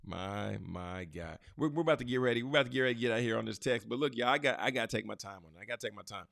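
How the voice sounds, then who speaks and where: A man's voice: medium pitch, very fast, creaky, a bit bright, dry recording. Emphatic man teaching scripture, dry sound. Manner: emphatic, preacher-like, addresses listeners directly. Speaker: podcast host.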